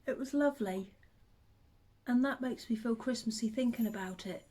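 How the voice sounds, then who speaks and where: A woman, chatting to the camera and telling old stories in a relaxed, reminiscing way. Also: on the high side, normal speed, husky. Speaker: vlogger. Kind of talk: casual chat to camera.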